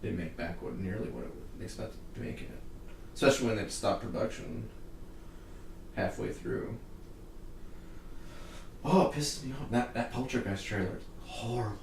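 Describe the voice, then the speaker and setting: A man's voice: lowish voice, lively intonation, moderate pace, vocal fry, pauses often, distant mic. A young man rants about movies in a casual podcast, cursing freely and laughing between complaints. He sits back from the mic, so his voice carries a roomy echo. A faint hiss sits under the talk. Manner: heated, profane ranting with laughs. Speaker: podcast host. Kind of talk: casual chat.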